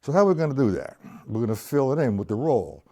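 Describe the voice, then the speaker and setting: A man teaching drums on a live stream, counting rhythms slowly aloud and chatting with his viewers. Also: medium pitch, sing-song, warm tone. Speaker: drum teacher. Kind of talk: live-streamed drum lesson. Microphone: single mic, sometimes hidden by his shirt.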